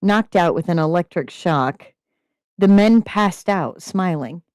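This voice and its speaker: A woman hosting a podcast, reading a story aloud in a steady narrating manner. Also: lowish voice, slow, no echo. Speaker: podcast host and story reader.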